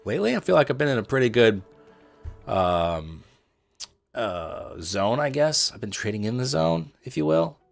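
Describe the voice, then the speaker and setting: A man's voice: mid-range voice, sing-song, normal speed, vocal fry, soft background music. A man from Indianapolis with a neutral Midwestern accent, casually commenting on his trades and joking with his livestream chat. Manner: chatty, joking with chat, playful asides. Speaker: trading livestreamer.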